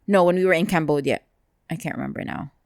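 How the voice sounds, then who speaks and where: A woman's voice: sits low, quick pace, darkish tone, dry recording, studio quality. A woman co-hosting a podcast in casual chat, with many fillers and restarts. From Philippines. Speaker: podcast co-host.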